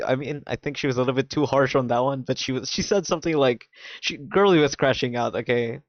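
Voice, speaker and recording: A man chatting on a stream and retelling a show's plot in a lively, excitable way, cursing freely and leaning on "like". His voice sits at an ordinary middle pitch. The sound is dry and a little dull, as from a modest home mic. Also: quick pace, no echo. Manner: animated, swears a lot, fills with "like". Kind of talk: casual chat, recapping a drama plot.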